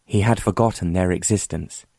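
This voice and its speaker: Low-voiced male audiobook narrator. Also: normal speed, darkish tone, no room sound, studio quality.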